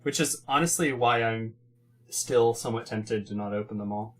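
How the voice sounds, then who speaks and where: Guy hosting a card opening, chatty and into it, normal pitch. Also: normal speed. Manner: enthusiastic, chatty. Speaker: host opening card packs. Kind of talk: casual chat.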